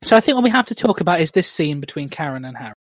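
A man's voice: on the high side, sing-song, rapid-fire, dry recording. A man hosting a podcast, chatting casually with fillers and restarts over a video call. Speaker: podcast host. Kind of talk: casual chat.

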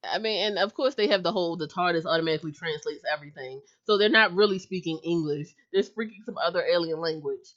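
A woman's voice: lowish voice, quick pace, few pauses, fairly bright tone, lo-fi sound. A woman co-hosting a casual podcast chat, talkative and giggly, full of filler words. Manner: chatty, giggly, lots of "like" fillers. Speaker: podcast co-host.

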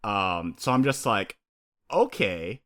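With a deep voice and a brisk delivery, a podcast co-host chats casually. He animatedly plays out characters' lines and his own reactions, laughing often.

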